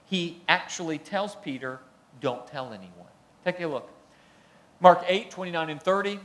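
A man's voice: on the high side, lively intonation, moderate pace, fairly bright tone. A man preaching a sermon in a conversational way, building emphasis on his key points and reading passages aloud. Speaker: pastor.

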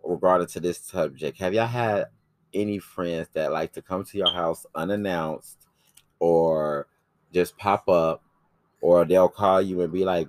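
Very deep-voiced man, brash and profane. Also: unhurried, dry recording. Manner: brash, profane, animated storytelling. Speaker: podcast host. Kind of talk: casual chat.

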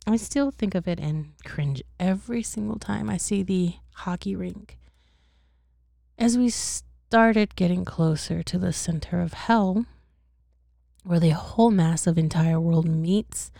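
A woman reading a bedtime story aloud in a casual way, swearing and pausing to react to the text. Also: fairly low pitch, vocal fry, dark tone, no echo, studio quality.

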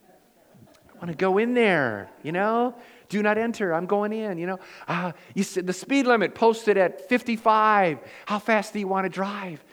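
A man's voice: high-pitched, unhurried, fairly bright tone. A man preaching a sermon as pastor. He tells homey stories with a folksy, self-deprecating humor. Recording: long hall reverb.

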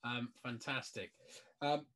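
A man's voice: mid-range voice, steady tone, slow, fairly bright tone. A man hosting a casual interview, rambling and often restarting his sentences. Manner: chatty, rambling, self-interrupting. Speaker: podcast host.

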